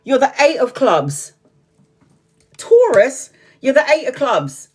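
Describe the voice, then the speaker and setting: A woman's voice: sits high, sing-song, normal speed, a little mellow, husky, faint music behind. A woman giving a live-streamed tarot reading, talking frankly, swearing freely, laughing often and drifting off on tangents. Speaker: tarot reader.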